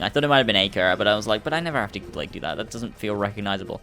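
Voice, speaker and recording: A man's voice: on the low side, lively intonation, racing, few pauses, sharp tone, faint music behind. A young man hosting a let's play, rambling through casual gameplay commentary and swearing often.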